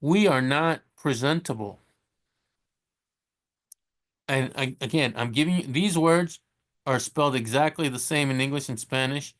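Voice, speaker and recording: A man teaching Spanish in a casual way, chatty and correcting himself, who slows down to sound out each Spanish word. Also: mid-range voice. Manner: chatty, self-correcting, laughs at his slips. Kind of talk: casual screen-share lesson.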